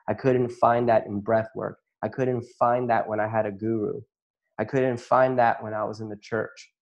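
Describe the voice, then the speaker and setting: A man's voice: mid-range voice, gravelly, a little mellow. Earnest man telling his life story. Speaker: chiropractor and workshop facilitator. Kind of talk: personal testimony to an audience.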